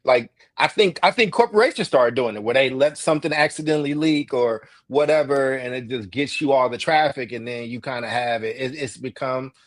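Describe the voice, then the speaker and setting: A man co-hosting a podcast in casual chat, adding short comments and then thinking out loud in a relaxed way. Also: mid-range voice, fairly quick, hardly any pauses. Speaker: podcast co-host.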